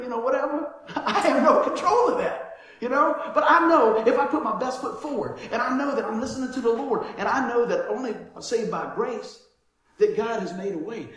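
A man preaching a conversational sermon, acting out dialogue from his stories and laughing often. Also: extremely high pitch. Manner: animated storytelling, acts out dialogue, laughs often. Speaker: pastor. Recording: very echoey room.

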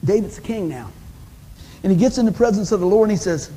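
A man's voice: high-pitched, animated, fast, dark tone, slightly rough, in a large hall, poor audio. A man preaching a sermon in a folksy storytelling way, acting out everyday conversations with big swings in his voice. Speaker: pastor.

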